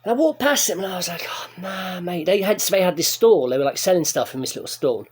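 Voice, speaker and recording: A man, telling a sweary, excitable rant to camera as a vlogger. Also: sits high, quick pace, slightly rough. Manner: sweary, excitable, animated storytelling. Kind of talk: ranting story to camera.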